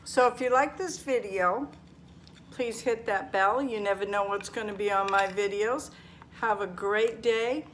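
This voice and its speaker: Slow, homey older woman. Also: mid-range voice, fairly bright tone, a little hiss or hum. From Maine. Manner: homey, chatty, talks viewers through each step. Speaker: home cooking vlogger. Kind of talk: casual cooking demonstration. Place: home kitchen.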